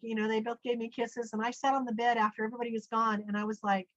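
A middle-aged woman telling a personal story in a lively way, acting out the voices she quotes. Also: fairly high pitch, quick pace, no echo. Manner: animated, acts out quoted speech. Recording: dull, dry lo-fi sound.

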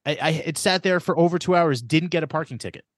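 A man's voice: a little high, quick pace, no echo, clean studio sound. A man co-hosting a podcast in casual chat, telling rambling anecdotes full of restarts and fillers. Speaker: podcast co-host. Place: Los Angeles.

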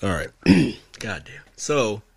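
A man's voice: fairly low pitch, slow, vocal fry, slightly rough, no room sound. A man co-hosting a podcast, telling a story in casual, profane chat and acting out the quotes. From California. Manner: profane, animated storyteller who acts out quotes. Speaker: podcast co-host.

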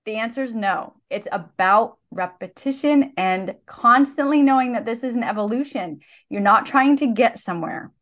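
A woman's voice: fairly high pitch, moderate pace, hardly any pauses, a bit bright. Woman, podcast co-host, earnest, explanatory, casual chat.

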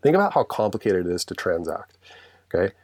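Deep-voiced man talking passionately, dry sound. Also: sing-song, a little fast, darkish tone, no room sound. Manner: earnest, passionate, rambling with restarts. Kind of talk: casual conversational chat.

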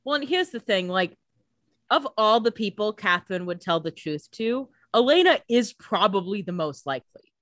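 A woman's voice: medium pitch, lively intonation, normal speed, a bit bright, no echo. A woman co-hosting a casual podcast, making wry, joking comments and swearing casually. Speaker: podcast co-host. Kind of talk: casual chat.

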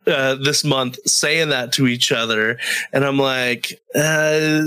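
A man co-hosting a podcast in casual chat, talking in a halting way with many restarts. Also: mid-range voice, fairly even intonation, bright, forceful tone, smooth, no echo, poor audio. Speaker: podcast co-host.

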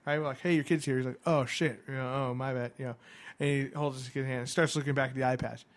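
A man's voice: mid-range voice, steady tone, fast talker. A young man hosting a podcast, telling stories in a rambling, profane, laughing way. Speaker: podcast host. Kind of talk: casual podcast chat.

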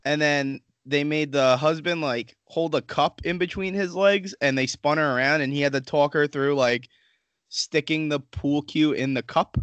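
A man's voice: fairly high pitch, fairly even intonation, normal speed, a bit bright, clear, resonant tone, no room sound. A man co-hosting a podcast, telling loose, profane stories in casual chat. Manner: crude, swearing, laid-back storyteller. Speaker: podcast co-host.

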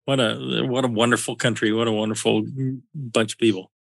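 A man's voice: medium pitch, level tone, brisk, creaky, dry recording. A man hosting a casual podcast chat, explaining in a chatty way with many fillers. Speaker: podcast host.

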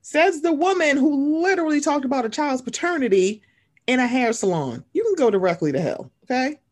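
A woman's voice: sits high, sing-song, a little fast. A woman co-hosting a casual recap podcast, blunt and sassy, cursing freely. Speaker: podcast co-host.

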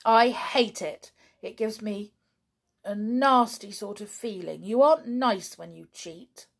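A woman voicing a sulky, hot-tempered young boy who cheats at games, talking in whiny, indignant shouts. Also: medium pitch, slow pace, gravelly, pitched above the performer's own voice. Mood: tearful.

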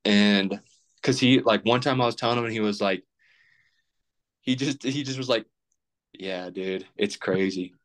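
A man's voice: medium pitch, normal speed, pauses often, fairly bright tone. A young man in his twenties, a podcast guest rambling casually with plenty of fillers and restarts. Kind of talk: casual chat.

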